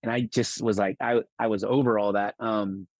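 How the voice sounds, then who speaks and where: A man in his forties from California, a guest telling an animated story with stumbling restarts. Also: lowish voice, normal speed, no echo. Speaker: guest, loan officer. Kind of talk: casual storytelling.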